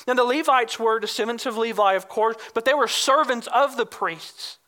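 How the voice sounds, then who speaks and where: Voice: mid-range voice, normal speed, bright, forceful tone. A pastor preaching a sermon, explaining scripture with emphasis and reading verses aloud.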